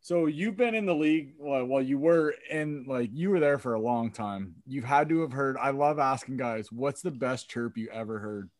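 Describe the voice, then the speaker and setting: A man's voice: mid-range voice, normal speed, few pauses, no echo. A man hosting a podcast, asking questions and reacting in a loose, profane way. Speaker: podcast host. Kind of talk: casual chat.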